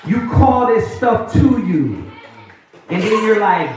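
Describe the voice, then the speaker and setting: A man preaching to a group, animated and mocking the voices of others. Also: high-pitched, slow pace, a little hiss or hum. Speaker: street preacher. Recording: echoey room from far off.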